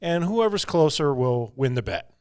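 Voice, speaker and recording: A man's voice: on the high side, sing-song, moderate pace, darkish tone, clean tone. A man co-hosting a podcast in casual, rambling chat, often breaking into laughter. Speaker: podcast co-host.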